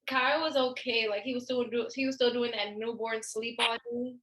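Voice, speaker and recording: A young woman with a bright, high-leaning voice, chatting casually as a podcast co-host. She tells her stories with lots of fillers and acts out the voices of the people in them. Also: steady tone, normal speed, low-quality recording. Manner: storytelling, acts out quoted voices. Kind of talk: casual chat.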